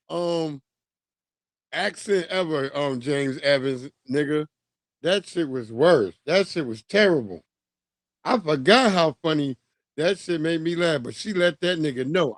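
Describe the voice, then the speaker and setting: A man in his forties hosting a livestream, giving animated, profane casual commentary and laughing often. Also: on the high side, unhurried, dry recording, clean studio sound. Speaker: livestream host.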